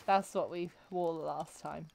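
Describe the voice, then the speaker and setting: Slow-talking woman streamer. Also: low voice, steady tone, vocal fry, darkish tone, no room sound. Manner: chatty, jokey, talking to herself. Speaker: game streamer. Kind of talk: casual gameplay commentary.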